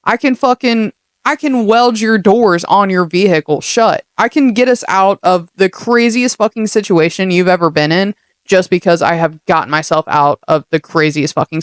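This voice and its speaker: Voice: mid-range voice, smooth, no echo, studio quality. A young adult podcast host giving a casual motivational monologue, blunt and heavily profane, full of streetwise slang.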